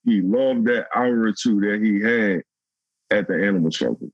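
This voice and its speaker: A man's voice: lowish voice, moderate pace, no room sound, lo-fi sound. A man, a youth coach, earnestly sharing practical advice about helping kids cope. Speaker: youth coach on a podcast panel.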